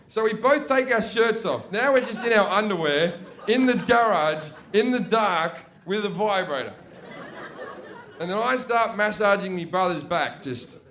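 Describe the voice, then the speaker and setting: Man, stand-up comedian, crude storytelling, high-pitched, faint background hiss. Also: measured pace. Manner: crude, swearing, animated storytelling. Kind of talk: stand-up routine.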